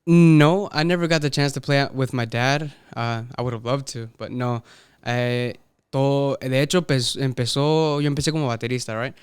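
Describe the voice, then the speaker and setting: A man, a musician guest, talking haltingly in a casual interview and mixing Spanish into his English. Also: medium pitch, fairly even intonation, clear, resonant tone, no echo, studio quality.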